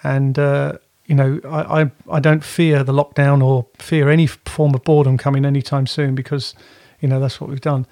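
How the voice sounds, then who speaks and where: A man's voice: medium pitch, flat delivery, normal speed, hardly any pauses, dark tone, no room sound, clean studio sound. A man co-hosting a podcast from home, chatting in a rambling way and often correcting himself. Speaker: podcast co-host. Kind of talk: casual chat.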